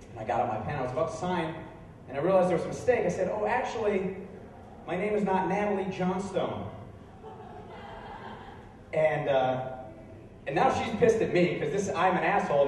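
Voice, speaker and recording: Man, young adult, stand-up comedy, deadpan storytelling, distant mic, long echo. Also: slight background noise. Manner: deadpan storytelling, jumps up in pitch for incredulous outbursts. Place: bar venue with a live audience. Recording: echoey room recorded from far off.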